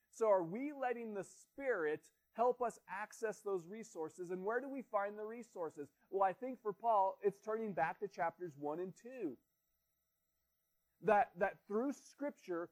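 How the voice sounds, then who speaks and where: A pastor in his thirties delivers a sermon in a notably high voice. He talks earnestly and plainly, posing rhetorical questions to his listeners. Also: darkish tone.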